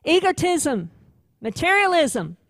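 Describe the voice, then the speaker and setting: A woman voicing a scornful male prosecutor who loudly lists charges against a sinner in a sermon. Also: very high-pitched, big pitch swings, takes it slowly, no echo, pitched above the performer's own voice, heavily acted. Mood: accusing. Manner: loud, accusing, listing charges.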